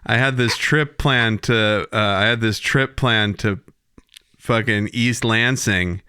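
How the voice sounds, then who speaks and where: Guy cracking profane jokes on a podcast, bright crisp voice, dry close sound. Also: lowish voice, slow, no echo. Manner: joking, profane, deadpan bits. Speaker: podcast co-host. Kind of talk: casual chat.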